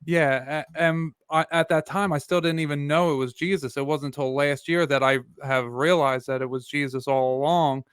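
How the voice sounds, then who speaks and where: A male podcast host with a smooth, resonant voice, set a little high. He answers in an earnest, reflective way, often stopping and restarting his thoughts. The sound is dry and close. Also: steady tone, moderate pace, hardly any pauses, fairly bright tone, no room sound. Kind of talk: casual interview chat.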